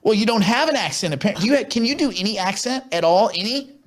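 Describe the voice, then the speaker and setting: A man's voice: high-pitched, lively intonation, very fast. A man co-hosting a casual chat show, joking and teasing his co-host.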